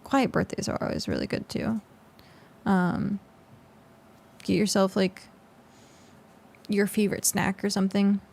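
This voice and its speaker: A woman's voice: mid-range voice, little pitch movement, unhurried, gravelly, long pauses, darkish tone. A woman game streamer chatting casually with her viewers, tired and congested, with lots of fillers. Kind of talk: casual live-stream chat.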